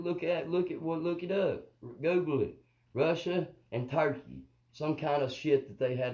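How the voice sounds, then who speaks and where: Poor phone or webcam audio carries a medium-pitched man with a darkish tone. Hosting a live stream, this comedian rambles through profane material, checking in with his viewers again and again with "you know what I mean."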